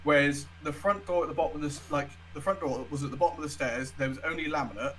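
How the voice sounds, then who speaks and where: A man's voice: a little high, fast, a bit bright, a little hiss or hum, rough recording. A young man co-hosting a podcast, telling a story in a chatty, casual way and swearing freely. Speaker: podcast co-host. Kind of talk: casual chat.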